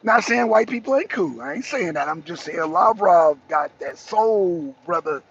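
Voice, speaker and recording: A man's voice: sits high, expressive, normal speed, breathy edge. A man hosting a live talk show and ranting profanely in casual, repetitive commentary from his car in traffic. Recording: slightly dull lo-fi audio.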